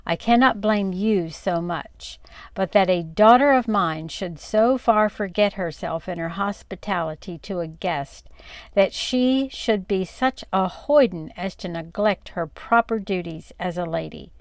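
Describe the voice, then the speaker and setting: Stern formal pioneer mother read by a woman, measured and firm, with a gravelly edge, close and dry. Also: medium pitch, no echo, natural voice. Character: stern frontier mother, strict and proper.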